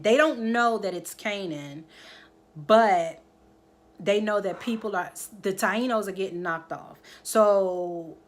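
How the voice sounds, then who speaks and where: A woman recapping a TV drama episode in casual chat, acting out the characters' lines and talking straight to her viewers. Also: on the low side. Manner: animated storytelling, acts out the characters' lines; addresses viewers directly, keeps checking in with "okay?". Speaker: TV episode reviewer.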